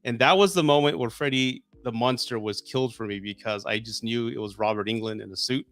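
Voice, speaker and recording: A man in his forties hosting a casual live stream, chatting excitedly and getting emotional when viewers send gifts. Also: medium pitch, brisk. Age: 40s.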